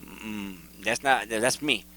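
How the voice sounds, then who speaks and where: A man hosting his own video, casually and excitedly talking viewers through photos and repeating himself as he points things out. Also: fairly low pitch, takes it slowly, slight background noise, low-quality recording. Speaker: video host. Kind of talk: casual commentary over photos.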